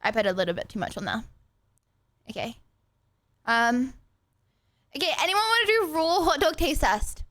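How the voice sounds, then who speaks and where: A woman's voice: sits high, a bit bright, dry recording. A young woman streaming live, chatting casually and rambling to her viewers while she eats. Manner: rambling, chatty, talks to chat.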